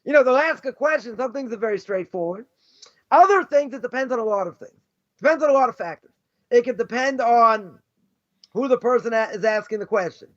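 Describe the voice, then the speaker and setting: A high-voiced male rabbi teaching Jewish ethics gives an animated, informal lecture built around stories, speaking briskly. He says "right?" often and acts out the voices he quotes. The recording sounds dull and lo-fi.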